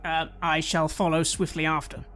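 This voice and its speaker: A woman's voice: deep voice, level tone, normal speed, fairly bright tone, faint music behind. A woman playing a tabletop game, describing her character's actions with some hesitation. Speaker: player. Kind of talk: tabletop role-play.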